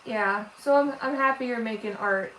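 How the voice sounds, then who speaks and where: A woman's voice: fairly high pitch, fairly bright tone. Tearful woman livestreaming in an echoey room. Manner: halting, emotional, with many restarts. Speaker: artist hosting a livestream. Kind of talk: casual livestream chat with viewers. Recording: roomy echo with faint background noise.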